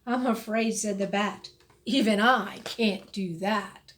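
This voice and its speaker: A woman reading a rhyming picture book aloud in a slow, expressive storytelling voice. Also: medium pitch. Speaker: storybook reader.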